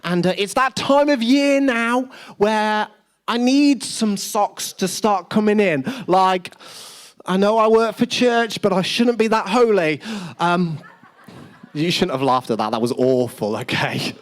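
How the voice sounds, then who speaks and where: A man's voice: high-pitched, a little slow. A man preaching to a live congregation, a pastor telling chatty, self-deprecating stories. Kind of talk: sermon with humorous anecdotes. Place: church service with live audience.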